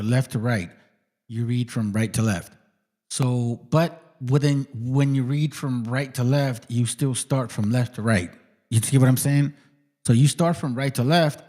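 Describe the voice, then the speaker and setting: A man in casual livestream chat, explaining a pronunciation by repeating it slowly, loose and swearing. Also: medium pitch, darkish tone. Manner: loose, cursing, repeats words slowly to demonstrate.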